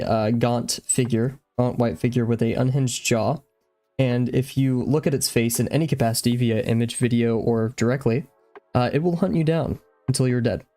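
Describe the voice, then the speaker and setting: A young man talks loosely to his viewers on a drawing stream, out of breath from exercise. He rambles and drifts off track as he speaks, with faint music playing softly behind him. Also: mid-range voice, fairly even intonation, normal speed. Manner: rambling, easily distracted. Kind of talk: casual live-stream chat.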